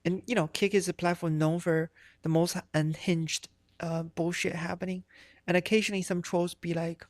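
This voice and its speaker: A woman's voice: fairly low pitch, flat delivery, moderate pace, a little mellow, no echo, studio quality. A woman streamer chatting casually on a live stream, rambling and swearing, with many fillers and restarts.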